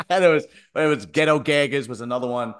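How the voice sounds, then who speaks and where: A man's voice: a little high, clear, resonant tone. A man telling a rambling crude story in casual chat, checking in with "right?" as he goes.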